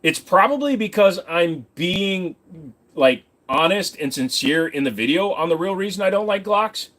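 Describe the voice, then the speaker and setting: A man's voice: sits high, animated, normal speed, fairly bright tone. A man casually chatting with viewers on a livestream, rambling and joking crudely. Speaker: livestream host.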